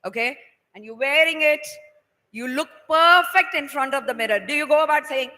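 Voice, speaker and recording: A woman leads a playful motivational session for students. Her voice is high and bright, and she acts out everyday scenes as she talks. Her words ring out through the long reverb of a large hall. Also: moderate pace. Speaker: workshop speaker. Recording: echoey hall.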